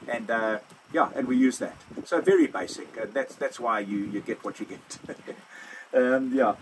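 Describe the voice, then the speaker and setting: A man's voice: mid-range voice, normal speed, a little hiss or hum, low-quality recording. An older man with a South African accent hosting a casual question-and-answer chat, rambling and repeating himself as he answers. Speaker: overlanding vlog host. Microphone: phone propped on a wine box.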